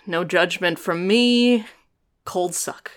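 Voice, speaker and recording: A woman's voice: lowish voice, slow pace. A woman co-hosting a podcast in casual, jokey chat, laughing often. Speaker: podcast co-host.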